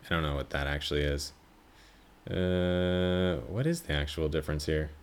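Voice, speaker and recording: A man's voice: a bass voice, normal speed, smooth. A man hosting a podcast, chatting casually about a film in a rambling, self-correcting way, swearing freely. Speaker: podcast host. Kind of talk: casual movie review chat.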